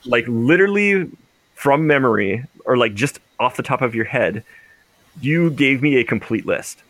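A man's voice: mid-range voice, lively intonation, moderate pace, fairly bright tone, dry recording. A young man co-hosting a casual podcast, rambling and laughing often, restarting his sentences. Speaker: podcast co-host. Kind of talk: casual chat.

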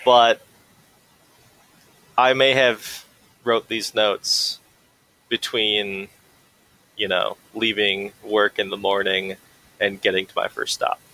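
A man's voice: on the low side, little pitch movement, takes it slowly, long pauses, bright, forceful tone, poor audio. A young man co-hosting a casual podcast, with dry, joking remarks. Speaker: podcast co-host. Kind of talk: casual chat.

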